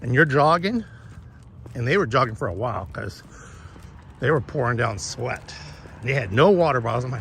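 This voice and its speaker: A man's voice: medium pitch, animated, moderate pace, creaky, pauses often, noisy background. A man chatting casually with viewers while walking his dog outdoors, rambling and profane as he tells a story. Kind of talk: casual chat to live viewers. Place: outdoors on a walk.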